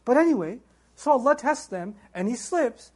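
A man lectures on scripture in a high, somewhat husky voice. He tells the story with animation, posing rhetorical questions to his listeners and slipping into the voices he quotes. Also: lively intonation, normal speed. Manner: acts out quoted voices with big pitch jumps. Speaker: Islamic lecturer. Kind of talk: Quran lecture.

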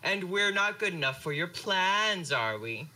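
A fussy middle-aged mother nags and corrects with syrupy politeness, played by a woman. Her voice is bright and swoops up and down. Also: lowish voice, expressive, unhurried. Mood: scolding. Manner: prim, scolding, falsely polite.

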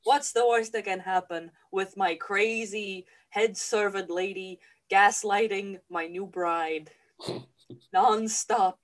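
A woman's voice: mid-range voice, steady tone, slow pace, voice pushed down, lightly acted. A woman voicing a careless wealthy husband with an offhand, sarcastic manner.

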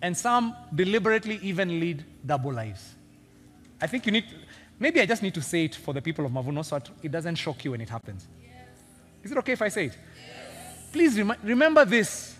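Animated preacher in a big hall. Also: male voice, high voice, a little fast, faint music behind. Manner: animated, joking, teasing the congregation. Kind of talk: sermon. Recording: long reverb of a big hall.

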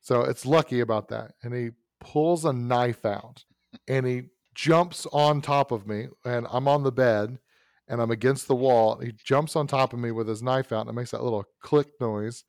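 Brief: male podcast host, mid-pitched, dry close sound, loose rambling storytelling. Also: moderate pace, darkish tone, dry recording. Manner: rambling, self-correcting anecdote with frequent asides. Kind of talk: casual storytelling.

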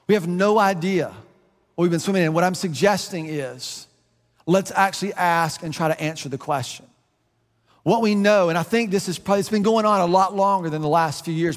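A man's voice: high-pitched, long reverb tail. A man from the United States preaching a sermon in a conversational way, restarting phrases and adding asides. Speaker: pastor.

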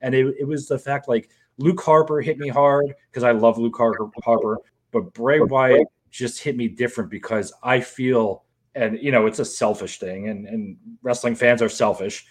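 A man's voice: mid-range voice, steady tone, moderate pace. A man co-hosting a podcast, talking in a rambling, emotional way and swearing freely. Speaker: podcast co-host. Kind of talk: casual podcast chat.

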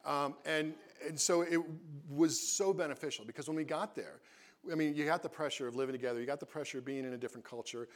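A man sharing a mission and marriage story with his wife, in an earnest, animated way that grows lively when he quotes himself. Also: on the high side, fast. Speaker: missionary co-host. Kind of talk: casual testimony talk.

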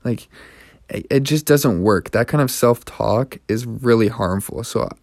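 A man's voice: medium pitch, a little slow, no echo, studio quality. A young man hosting his own podcast, speaking earnestly and encouragingly in a reflective personal monologue. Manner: earnest and encouraging, with many restarts. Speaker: podcast host.

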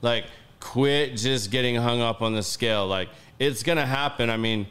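Man, podcast host, casual chat, profane, animated storytelling, medium pitch. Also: moderate pace.

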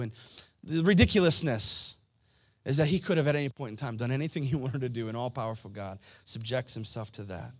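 A male pastor preaching a sermon in a mid-pitched voice. He talks to the congregation in a casual, emphatic manner and keeps asking them rhetorical questions. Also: brisk.

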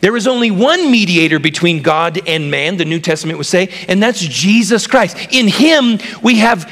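A man preaching a sermon in a somewhat higher voice, his words ringing out through a big reverberant hall. He teaches point by point and keeps asking his listeners questions. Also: lively intonation, moderate pace, fairly bright tone. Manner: teaching, asks the congregation questions, builds emphasis with lists. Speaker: pastor.

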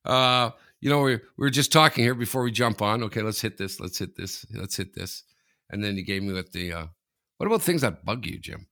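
A man co-hosting a casual podcast over a remote line, rambling through stories, often laughing and jumping up in pitch. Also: brisk. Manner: animated, laughing, rambling storyteller. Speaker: podcast co-host. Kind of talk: casual chat.

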